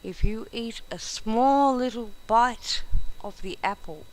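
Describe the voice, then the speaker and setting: A woman doing a sly, hushed tempting snake. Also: fairly high pitch, takes it slowly, pitched above the performer's own voice, low-quality recording. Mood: insistent coaxing. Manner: coaxing, soft and hushed.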